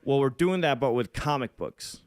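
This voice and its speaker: A man's voice: medium pitch, animated, normal speed, dry recording, clean studio sound. A young man co-hosting a podcast, rambling casually and swearing now and then. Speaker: podcast co-host and musician. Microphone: phone.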